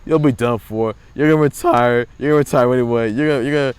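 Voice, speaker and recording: A man's voice: medium pitch, fast, clear, resonant tone. A man hosting his own sports report, rambling in casual commentary, repeating phrases and mocking players.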